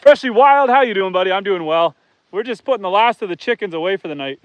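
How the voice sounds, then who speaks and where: Fast and lively in intonation, this high male voice comes through with no echo. The speaker, a homestead livestream host, chats casually with viewers from outdoors on his farm and talks to his pigs, goats and chickens.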